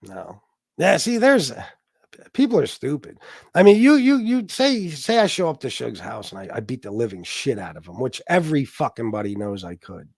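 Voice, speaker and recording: A man's voice: mid-range voice, big pitch swings, normal speed, creaky, darkish tone, husky, dry recording. A man hosting a livestream, ranting casually in a profane, boastful, taunting way. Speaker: livestream host.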